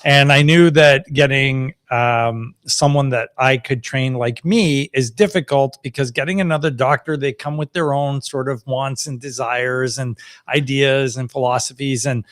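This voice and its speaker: Brief: middle-aged male doctor hosting a live stream, medium pitch, chatty and upbeat, loose with fillers. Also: steady tone, measured pace, a bit bright. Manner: chatty and upbeat, laughs easily, many fillers. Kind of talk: casual live-stream chat.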